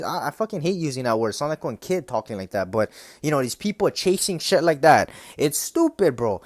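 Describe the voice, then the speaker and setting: A man's voice: on the high side, no room sound, clean studio sound. A young man ranting casually to his viewers, swearing often and checking in with "right?" and "bro". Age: young adult. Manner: profane, repetitive, keeps asking "right?". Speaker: vlogger. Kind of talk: casual rant to camera.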